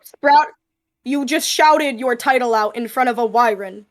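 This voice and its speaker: A woman's voice: fairly high pitch, unhurried. A woman playing a tabletop role-playing game, casually narrating her character with a playful, giggly manner.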